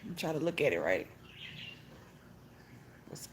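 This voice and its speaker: A middle-aged vlogger chats casually on a phone livestream from her home, greeting each viewer with a high "hey." Her sing-song voice moves at a measured pace, picked up by a phone held at arm's length, while pet birds chirp in the background noise.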